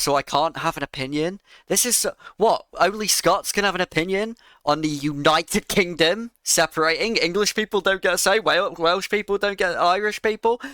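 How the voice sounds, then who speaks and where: Bright, crisp-voiced sarcastic man. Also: a little high, dry recording. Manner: sarcastic, exasperated, swearing. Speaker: video creator. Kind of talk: reaction rant.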